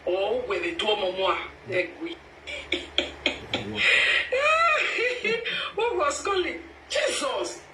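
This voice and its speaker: A Nigerian woman giving animated, emphatic commentary in casual pidgin, sometimes chanting. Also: medium pitch, moderate pace, few pauses. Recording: echoey room, from a distance, faint noise.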